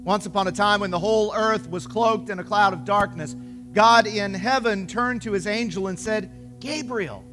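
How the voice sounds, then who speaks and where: A man narrating a storybook tale in a gentle, expressive way. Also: high-pitched, normal speed. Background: soft music with singing bowl.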